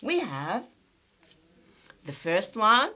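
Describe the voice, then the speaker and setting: Woman teacher drilling vowel sounds, bright voice, goes up and down a lot. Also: medium pitch, sing-song. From Algeria. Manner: slow and deliberate, repeats sounds for students, switches to Arabic to explain. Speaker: English teacher. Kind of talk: classroom pronunciation lesson.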